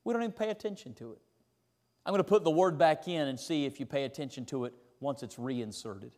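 A man, preaching a sermon in an animated, folksy, emphatic way, recorded in a church sanctuary. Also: on the high side, fairly quick. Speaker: pastor. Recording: reverberant church hall.

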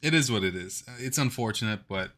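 A young man in his twenties rants in casual podcast chat. His voice is a little low yet bright and forceful. He rambles and hammers his points with emphasis. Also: expressive, fairly quick. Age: 20s. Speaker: podcast co-host.

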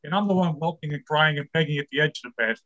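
A man's voice: a little high, fast, sharp tone, highs cut off. An older man performing a stand-up comedy set, telling wry, self-deprecating jokes about his marriage.

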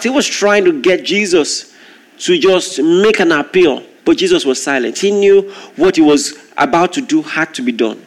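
Man, preacher, sermon, animated storytelling, slightly high pitch. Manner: animated storytelling, acting out crowd shouts.

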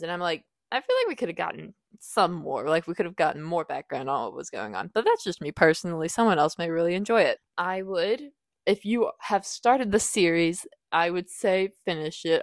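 A woman's voice: on the low side, dry recording. Chatty young woman podcast host, dry. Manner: chatty, animated, acts out characters' lines in quick bursts. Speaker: podcast host reviewing a book. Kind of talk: casual solo podcast review.

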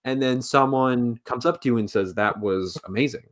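A man answering questionnaire questions in a casual podcast chat, slow and hesitant with many ums, over a remote call. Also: medium pitch. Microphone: remote call with lag.

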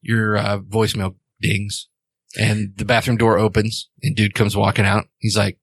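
A man narrating as game master in a tabletop role-playing game, in a loose, halting way. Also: fairly low pitch, completely flat delivery, vocal fry, husky, no room sound.

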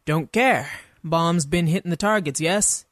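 A woman voicing a gruff, impatient male army general who barks curt orders in a gravelly voice. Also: fairly low pitch, a little slow, dry recording, clean studio sound, natural voice.

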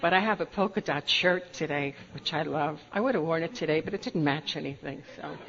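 A woman's voice: sits low, a little fast, vocal fry, fairly bright tone. An older woman with a New York accent, telling stories from her own life at a meeting, laughing through them. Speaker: Al-Anon speaker. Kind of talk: storytelling talk at a meeting. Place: meeting hall. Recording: dull lo-fi recording with faint room noise.

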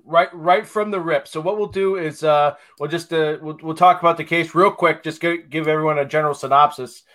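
A man's voice: fairly high pitch, fairly even intonation, fairly quick, fairly bright tone. A man co-hosting a podcast in casual chat, rambling with lots of fillers and frequent laughs. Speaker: podcast co-host.

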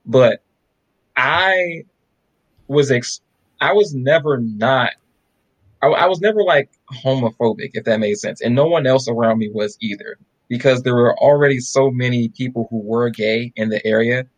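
A man of medium pitch speaks at normal speed on a rough recording, co-hosting a podcast. In casual conversation he tells stories with animation, acting out the voices of people he quotes.

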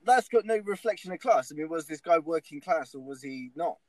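A man trades sweary, jokey banter on a casual podcast. His voice sits fairly high and swings up and down in a lively way. The sound is close and dry, with no room around it. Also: a little fast, dry recording. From Bristol, England. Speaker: podcast co-host.

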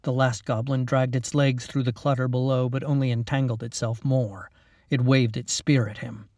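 A man, the author, narrating his own story in a steady, dramatic reading. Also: mid-range voice, moderate pace, dry recording, studio quality, recorded from a distance. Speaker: author and reader. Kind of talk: scripted narration.

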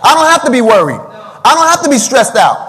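Male pastor, very high voice, preaching with call-and-response, long hall reverb. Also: big pitch swings, quick pace, sharp tone. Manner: preaching with call-and-response, breaks into singing a hymn. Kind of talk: livestreamed sermon.

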